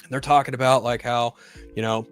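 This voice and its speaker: A man's voice: medium pitch, level tone, brisk, smooth, dry recording, soft background music. A man hosting a solo live stream, chatting casually and profanely about a film and reading viewer comments. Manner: profane, ranting, rises into loud exasperation.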